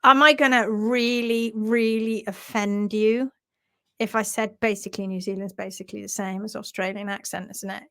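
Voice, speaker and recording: A woman's voice: medium pitch, steady tone, moderate pace, fairly bright tone, clean tone. A woman presenting a casual live stream on hoof care, chatty and giggly.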